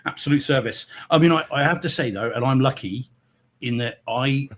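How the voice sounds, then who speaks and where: A man's voice: medium pitch, normal speed, a bit bright. A man with an English accent co-hosting a podcast, chatty and easygoing in casual banter. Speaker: podcast co-host.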